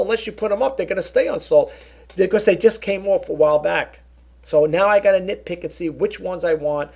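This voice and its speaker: A man's voice: high-pitched, creaky, darkish tone. A middle-aged man talking to viewers in a casual vlog monologue, rambling and earnest, often restarting his sentences and turning aside to address the audience. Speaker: YouTube vlogger and eBay reseller.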